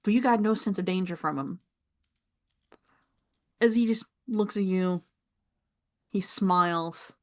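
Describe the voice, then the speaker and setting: A young adult woman narrating as game master, describing scenes with pauses and easy laughs. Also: lowish voice, darkish tone.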